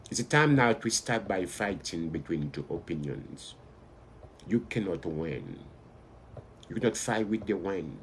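A man preaching a live online sermon with fervent exhortation. He calls out loudly, then drops low, and speaks English with non-standard grammar. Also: a little hiss or hum.

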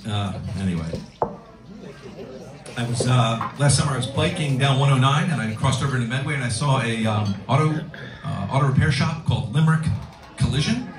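A man's voice: medium pitch, animated, fairly quick. A middle-aged man doing a live stand-up set in a restaurant, rambling and self-deprecating with many ums and restarts. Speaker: stand-up comedian. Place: restaurant comedy room with a live audience. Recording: roomy room from far off, music behind.

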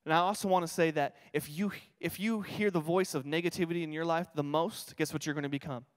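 High-voiced energetic young preacher. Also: male voice, fast. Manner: energetic, humorous, repeats key phrases. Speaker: pastor. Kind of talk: sermon with storytelling. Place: church sanctuary. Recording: reverberant church hall.

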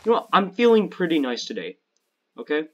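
A man's voice: a little high, very animated, a little fast, fairly bright tone, dull audio. A man chatting casually with a friend while gaming, telling crude joking stories. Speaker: gamer playing with a friend.

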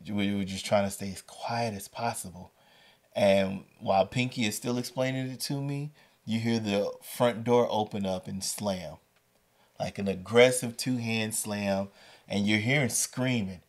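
A man hosting a storytelling podcast, telling a story with lively delivery and acting out the voices. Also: lowish voice, measured pace. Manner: animated, acts out the voices in his story. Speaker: podcast host and educator.

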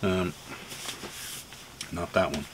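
A man with a Pittsburgh accent talks casually to the camera, rambling and filling gaps with ums and uhs. His voice sits low, with light laughter breaking in. A faint hiss lies under the recording. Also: fairly even intonation, extremely slow. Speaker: reseller vlogger. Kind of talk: casual vlog, showing items to camera.

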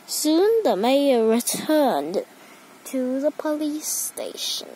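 A woman narrates a playful kids' story, adding sound effects as she goes. She speaks very slowly, drawing out each phrase. Her high voice swings widely from word to word. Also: a little hiss or hum, poor audio. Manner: animated, slow and expressive.

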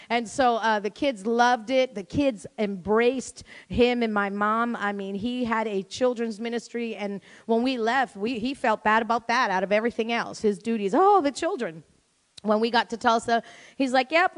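A middle-aged woman, a worship leader, telling family stories at the end of a church service, animated and laughing. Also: medium pitch. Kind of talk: sermon closing remarks. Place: church sanctuary. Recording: long church reverb.

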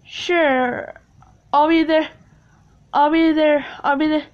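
A woman voicing an excitable adult girlfriend in a homemade puppet skit, talking in a high, squealing, chirpy way. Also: slow pace, dull audio. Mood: eager.

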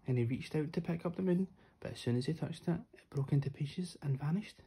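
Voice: medium pitch, fairly quick, a little hiss or hum. A storyteller reading a children's picture book aloud, playing up the sound words. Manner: lively, playful sound words.

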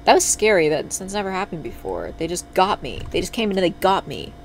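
A man's voice: high-pitched, sing-song, fairly quick, vocal fry, slight background noise. A man streaming a video game, chatting casually to his viewers and swearing freely when things go wrong. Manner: chatty, talks to chat, swears when upset.

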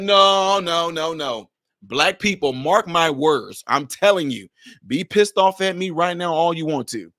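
High, bright-voiced man in heated commentary. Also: animated, a little slow, dry recording, clean studio sound. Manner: confrontational, fires rhetorical questions; swings between shouting and low, blunt asides. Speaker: social commentator.

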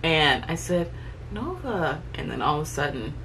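A woman's voice: deep voice, a little fast, a bit bright, distant mic, a little hiss or hum. Young woman speaking a bit off-mic. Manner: matter-of-fact, correcting her partner. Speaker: new mother, vlog co-host. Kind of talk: casual conversation.

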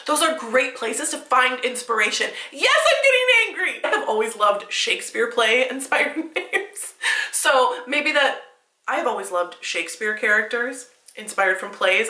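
Animated, exasperated woman in an echoey room. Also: mid-range voice. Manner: animated and increasingly exasperated, laughs often. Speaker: baby name consultant. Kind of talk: reacting to an article on camera.

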